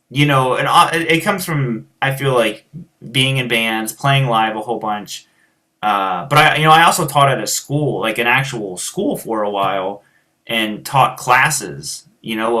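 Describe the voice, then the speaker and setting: Man, rural American accent, bright voice, casual rambling chat, lots of fillers. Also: mid-range voice. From United States. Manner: rambling, many fillers and restarts. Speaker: guitar teacher and show host. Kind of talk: casual chat answering viewers.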